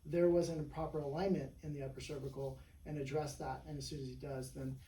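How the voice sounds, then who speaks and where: Warm-toned and fairly high, this man talks fast with a flat delivery. As a chiropractor in a relaxed interview, he rambles about his patients, leaning on "you know" and "right?", recorded from afar in an echoey room with a faint background hum.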